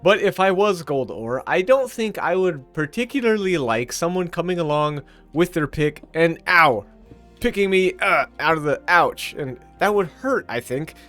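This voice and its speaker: A man's voice: a little high, lively intonation, normal speed, few pauses, faint music behind. A man narrating his Minecraft let's play in an earnest, chatty, rambling way. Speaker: gaming YouTuber.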